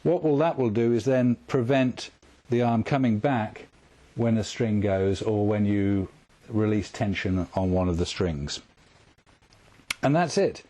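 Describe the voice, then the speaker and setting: A man calmly walking through a guitar tremolo setup step by step, patient and methodical. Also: on the low side, unhurried. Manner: calm, patient, step-by-step explaining. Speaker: guitar tech instructor. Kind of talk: instructional demonstration.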